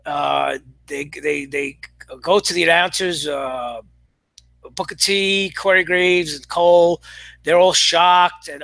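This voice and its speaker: In a casual review monologue, a wrestling commentator sounds fed up and sarcastic, his high voice bright, tense, and gravelly. He stumbles through halting bursts of restarts and fillers, heard up close in a dry recording with no room sound.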